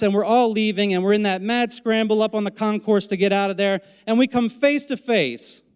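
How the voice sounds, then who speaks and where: A man telling a comic personal story on stage as an event MC, with deadpan asides and acted-out quotes. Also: sits high, clean tone. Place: stage in a hall before a live audience. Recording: live hall with long reverb.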